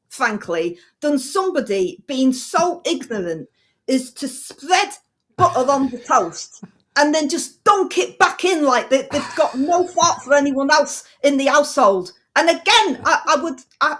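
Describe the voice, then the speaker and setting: A woman's voice: high-pitched, a bit bright, full character voice. A woman voicing a brash, blunt woman politician who hands out advice in a comic radio sketch, talking in casual slang and brushing things off. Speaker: agony aunt in a comedy sketch.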